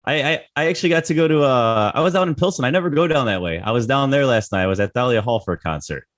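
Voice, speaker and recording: A middle-aged man, hosting a podcast in relaxed chat, a bit hoarse and often repeating words. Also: medium pitch, fast talker. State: slightly hoarse, lost voice a little. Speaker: podcast host.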